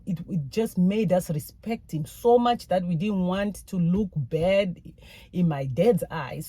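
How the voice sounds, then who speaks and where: A mother talks frankly about raising her children and freely admits where she went wrong. Her voice sits low and husky, and her casual delivery is full of fillers. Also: dark tone. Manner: frank and self-critical, many fillers. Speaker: mother giving parenting advice. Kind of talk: casual personal talk.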